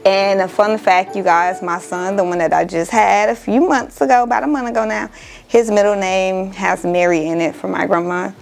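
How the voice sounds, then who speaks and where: A woman's voice: medium pitch, steady tone, moderate pace, vocal fry, low-quality recording. A young woman from Miami, a crafting vlogger, chatting casually and emotionally to her viewers, exclaiming often and calling them y'all.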